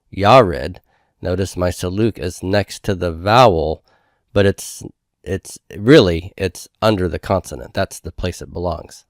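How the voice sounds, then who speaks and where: A man's voice: low-pitched, no room sound, studio quality. A man teaching a recorded Hebrew grammar lesson, explaining patiently and checking in with "okay?" as he goes. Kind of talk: recorded homework review lecture.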